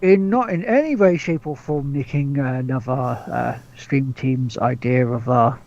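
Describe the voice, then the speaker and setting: A man's voice: mid-range voice, a little slow, gravelly, highs cut off, noisy background. A man hosting a podcast in casual chat, rambling with lots of restarts, swearing and laughs. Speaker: podcast host.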